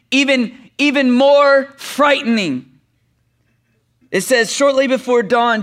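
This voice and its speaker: Bright-voiced animated preacher. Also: male voice, extremely high pitch. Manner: animated, reads scripture dramatically, then chats with humor. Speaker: pastor. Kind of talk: sermon.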